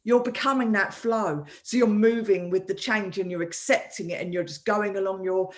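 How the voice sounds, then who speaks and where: A woman hosting a live online talk as a coach, animated and often restarting her sentences over a video call. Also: mid-range voice, normal speed. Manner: animated, with many repeated restarts. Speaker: host and coach.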